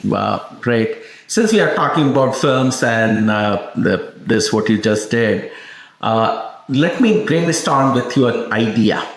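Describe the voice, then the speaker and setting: A man's voice: mid-range voice, lively intonation, slow pace. A man hosting a podcast interview, speaking conversationally in loosely phrased sentences. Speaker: podcast host. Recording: very echoey room.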